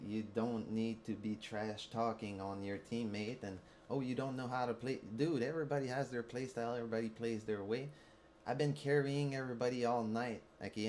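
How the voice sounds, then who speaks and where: A man's voice: fairly low pitch, darkish tone, a little hiss or hum. A man with a Quebec French accent, ranting heatedly and profanely at a teammate while streaming a mobile game. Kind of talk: angry rant while streaming gameplay.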